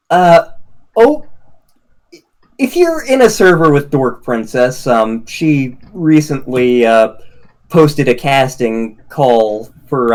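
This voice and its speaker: A man co-hosting a game stream, wrapping up in casual chat, rambling and halting with frequent restarts. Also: mid-range voice. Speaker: streamer co-host.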